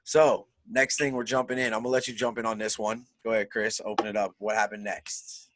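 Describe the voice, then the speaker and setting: A man's voice: on the low side, little pitch movement, fairly quick, noisy background. A man co-hosting a wrestling podcast in casual chat, enthusiastic and peppering his talk with "man" and "dude". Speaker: podcast co-host.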